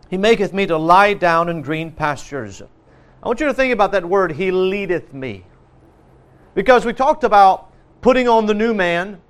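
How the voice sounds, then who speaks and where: A man preaching a sermon, earnest, repeating key phrases with frequent restarts and fillers. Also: sits high.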